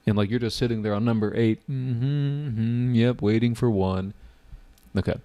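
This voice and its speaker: A man's voice: fairly low pitch, a little fast. A man teaching an online test-prep class, acting out confused test takers. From United States. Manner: animated, acts out test takers' reactions.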